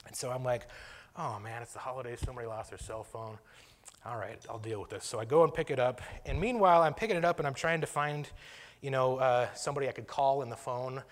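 A man's voice: mid-range voice, long reverb tail. A man casually telling a personal story, self-deprecating, chuckling and restarting his sentences.

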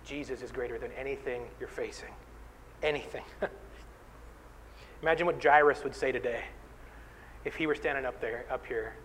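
This is a man pastor preaching to his congregation with earnest, direct appeals. His voice sits at an ordinary middle pitch, and a faint hum runs behind it. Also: normal speed, pauses often, a bit bright, low-quality recording. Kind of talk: sermon.

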